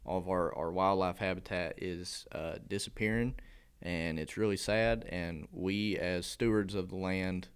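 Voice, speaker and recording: A man's voice: low voice, fairly even intonation, unhurried, clean tone. A man appearing as a guest on a farm podcast, speaking in a casual, earnest way. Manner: agreeable, short backchannels, earnest when speaking at length. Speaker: wildlife biologist guest.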